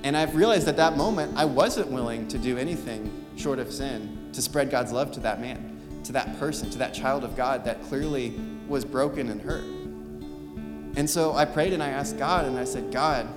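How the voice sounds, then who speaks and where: In a church hall with lingering reverb and soft guitar in the background, a young man of medium pitch preaches at a moderate pace. He's the youth speaker, and he shares a story earnestly and informally, using plenty of fillers.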